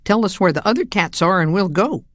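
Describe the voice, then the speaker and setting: A woman's voice: mid-range voice, expressive, a little fast, no room sound, clean studio sound, pitched above the performer's own voice, close to an everyday voice. A woman voicing an earnest young male cat who speaks eagerly and directly in a storybook reading.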